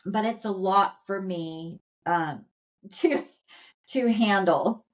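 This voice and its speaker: A woman voicing a sweet, sensitive young male dog, speaking in a gentle, earnest, halting way. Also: medium pitch, natural voice. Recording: slightly dull lo-fi audio.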